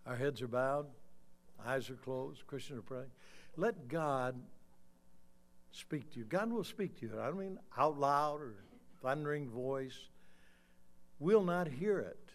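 An older man delivers a sermon in a church. He tells a personal story in a conversational way, then builds to loud, forceful emphasis before leading a quiet prayer. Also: mid-range voice, measured pace. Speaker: preacher. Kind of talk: sermon with altar call. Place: church sanctuary.

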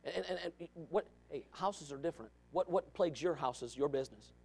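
A male pastor preaching a fiery sermon, swinging from shouts to low asides. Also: brisk, vocal fry, breathy edge.

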